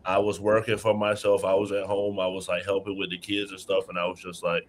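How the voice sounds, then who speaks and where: A young man with a fairly low voice tells a personal story in relaxed, slangy talk, full of "like" and quoted lines. His delivery stays casual and conversational. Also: a little fast, a little hiss or hum. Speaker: guest telling his story. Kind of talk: casual chat.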